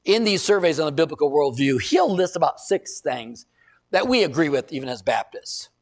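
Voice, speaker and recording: Middle-aged male pastor, gravelly, slightly high voice, chatty sermon with punchy peaks. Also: lively intonation, moderate pace. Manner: conversational preaching with rising emphatic bursts.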